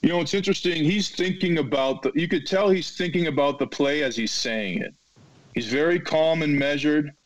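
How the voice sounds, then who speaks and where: A man in his thirties, a retired football player, telling stories as a podcast guest and acting out quotes loudly. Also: a little high, normal speed, no echo, poor audio. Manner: animated storyteller, acts out quotes loudly. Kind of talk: storytelling in a podcast interview.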